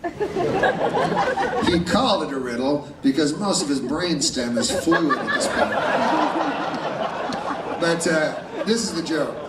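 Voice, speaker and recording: Man, deadpan stand-up with lots of "uh"s, distant mic in an echoey hall. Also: on the high side, very noisy. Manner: deadpan, halting, many "uh"s. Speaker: stand-up comedian. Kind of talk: stand-up set. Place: live comedy stage. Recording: echoey live room, distant mic, loud crowd.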